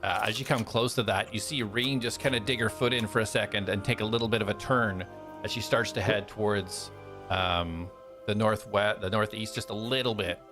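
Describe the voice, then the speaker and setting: A man's voice: on the low side, steady tone, moderate pace, over music. A man narrating a tabletop game as game master, describing scenes loosely with many fillers.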